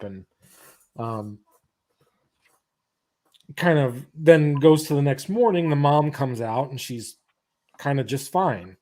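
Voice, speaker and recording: A man hosting a podcast, retelling a story in casual chat, halting and restarting as he goes. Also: medium pitch, dark tone. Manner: halting retelling of a comic's plot. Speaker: podcast host.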